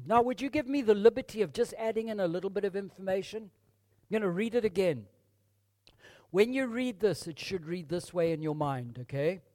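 A man's voice: sits high, animated, normal speed, a little mellow, no room sound, studio quality. A man preaching a sermon, reading scripture with rising emphasis and calling his listeners folks. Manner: addresses congregation as folks.

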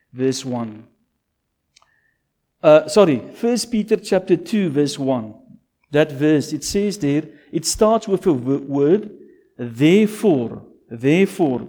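Slow, deliberate male preacher. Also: a little high, dark tone. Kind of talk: sermon with scripture reading.

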